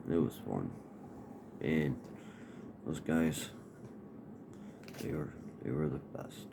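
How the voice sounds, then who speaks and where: A man's voice: rumbling low, gravelly. A man casually telling a personal story in a laid-back, profane, rambling way. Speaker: podcast host. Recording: noisy background hiss.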